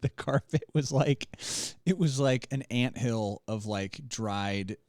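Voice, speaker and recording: A man's voice: mid-range voice, slow pace, a little mellow, no echo, clean studio sound. A man co-hosting a podcast, talking in a crude, laid-back, joking way. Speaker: podcast co-host. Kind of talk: casual chat.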